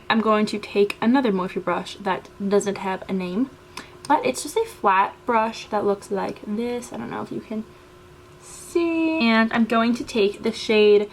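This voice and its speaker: With a faint hiss or hum in the background, a young woman's mid-range voice narrates a makeup tutorial. The beauty vlogger chats casually, dropping frequent fillers as she goes through her routine step by step.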